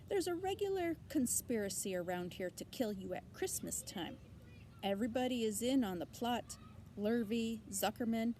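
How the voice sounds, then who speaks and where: A woman's voice: a little high, dark tone, a little hiss or hum, lightly acted. A woman voicing a blunt, gossipy old female sheep who delivers grim news matter-of-factly. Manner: blunt, matter-of-fact, tart.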